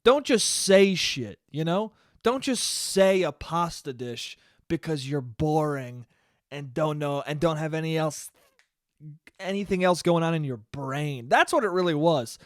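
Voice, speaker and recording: A young man hosting a solo podcast, telling stories in a sarcastic, animated way and mocking people with quoted voices. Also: a little high, clean tone, dry recording, studio quality. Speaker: podcast host. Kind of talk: solo comedic podcast rant.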